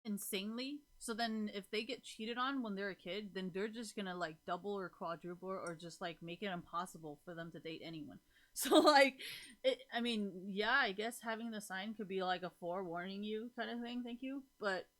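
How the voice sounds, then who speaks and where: Speaking at a moderate pace in a medium-pitched, fairly bright voice, a live streamer chats casually with her viewers. She rambles, fills pauses freely, laughs often, and swears casually.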